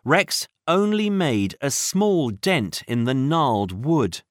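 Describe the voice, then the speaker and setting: A narrator reading a children's audiobook with slow, expressive storytelling. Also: medium pitch, no room sound, clean studio sound.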